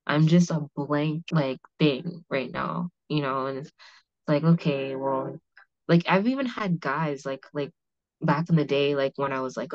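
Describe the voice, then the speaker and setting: Woman, low voice, dry muffled sound, rambling chat with many fillers, frank and profane. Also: unhurried, a little mellow, no echo. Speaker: podcast host. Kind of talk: candid conversational discussion. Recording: slightly muffled audio.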